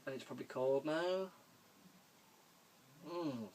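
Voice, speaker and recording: Speaking slowly in a medium-pitched, slightly mellow voice, this young vlogger meanders through viewer questions from a room at home, laughing a lot and cursing offhandedly. There's a faint hiss or hum on the recording of this casual Q&A video.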